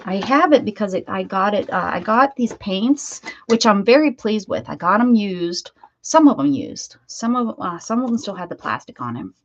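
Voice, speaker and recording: A woman talks her way through a craft project in a loose, rambling way, stopping to correct herself as she goes. Her pitch sits in the middle of the range. The sound is a little dull and lo-fi, with a faint hiss behind her. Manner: chatty, rambling, self-correcting. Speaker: crafting channel host. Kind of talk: casual chat while crafting. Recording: dull lo-fi audio, faint noise.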